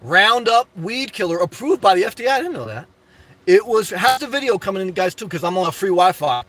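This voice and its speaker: Streaming live from a parked car, a high-pitched man rambles through viewer comments, joking, laughing easily and scattering "man" and "guys" throughout. His delivery is sing-song, fairly quick and fairly bright. The sound is close and dry, with no room sound at all.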